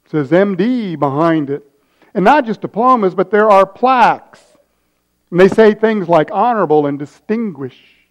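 A man preaching a sermon, telling a story and acting out its voices, swinging from loud high bursts to soft asides. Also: animated, normal speed, poor audio. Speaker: pastor.

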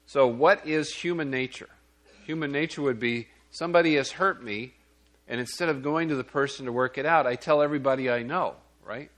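A man's voice: medium pitch, fairly quick, fairly bright tone. A man preaching a sermon in a plain, conversational way. He checks in with his listeners and sometimes restarts a phrase.

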